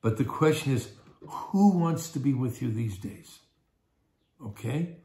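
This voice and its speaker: Older pastor in an echoey room. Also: male voice, mid-range voice, lively intonation, measured pace, mellow. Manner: conversational, repeats words, acts out little scenes. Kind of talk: Bible study teaching.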